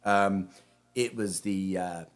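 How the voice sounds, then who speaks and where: A man's voice: sits low, steady tone, slow. A man from Britain, a rabbi, giving a casual spiritual talk in a rambling, conversational way full of restarts.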